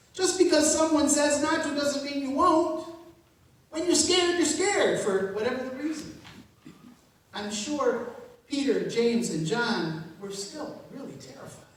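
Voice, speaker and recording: A woman pastor in her fifties preaching a sermon in a relaxed, humorous way, laughing along with her own jokes. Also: high-pitched, slight background noise. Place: church sanctuary. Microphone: distant room mic. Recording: very echoey church from far off.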